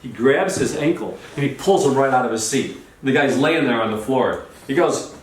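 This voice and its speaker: Animated man telling a story, roomy sound. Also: mid-range voice, moderate pace. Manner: excited, many restarts and repeats. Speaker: storytelling guest. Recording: roomy, distant, faint noise.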